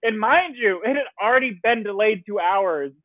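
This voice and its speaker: High-voiced man telling an animated story. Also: moderate pace, dry recording. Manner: animated, laughs often, acts out quotes. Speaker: podcast guest. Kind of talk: casual anecdote telling. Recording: tinny phone-like line, dry.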